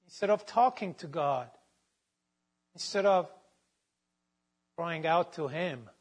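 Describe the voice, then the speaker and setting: A man giving a devotional Bible teaching, reading out verses with their references in a measured way. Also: a little high, lively intonation, slightly rough.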